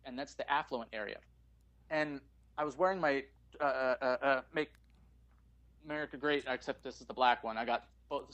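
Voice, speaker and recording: Man, from Calgary, Canada, podcast guest, profane, rambling, fairly high voice. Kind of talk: casual chat.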